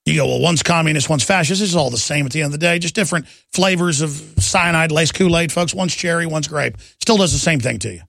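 A man's voice: a little high, fast, hardly any pauses, a bit bright, dry recording, studio quality. A middle-aged man hosting a talk radio show, delivering an urgent, impassioned political monologue. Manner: gravelly, urgent, ranting delivery.

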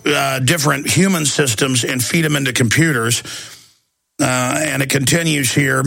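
A man's voice: medium pitch, creaky, bright, forceful tone. A man hosting a talk radio show, delivering an intense, combative monologue.

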